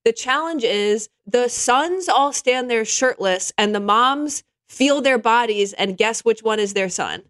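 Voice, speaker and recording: A woman's voice: fairly high pitch, a little slow, smooth, no room sound. Sarcastic woman in casual comedic chat. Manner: sarcastic, acts out quoted people in mocking voices.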